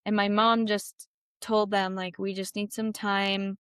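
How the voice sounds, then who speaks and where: A woman's voice: level tone, a little slow, smooth, dry recording, clean studio sound. A young woman, a guest on an interview show, telling a personal story of loss, speaking casually and saying "like" often. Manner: heavy use of "like", quotes herself in a higher voice.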